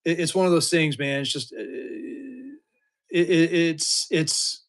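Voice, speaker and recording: A man's voice: on the high side, sing-song, slow, creaky. A man, chatting casually and rambling through a live-stream auction as its seller. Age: 50s. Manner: rambling, chatty, with many restarts and fillers.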